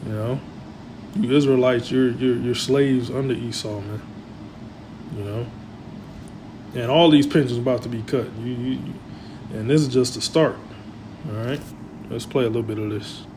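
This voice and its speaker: A man giving religious commentary in a rambling, filler-heavy way, often trailing off quietly. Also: mid-range voice, fairly even intonation, normal speed, pauses often, slight background noise, low-quality recording.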